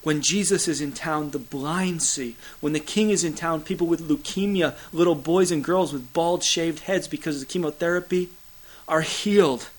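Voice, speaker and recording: A man preaching a sermon, building to loud emphatic peaks, then dropping to hushed, low lines, with a repetitive preaching cadence and occasional fillers. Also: moderate pace, low-quality recording. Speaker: pastor.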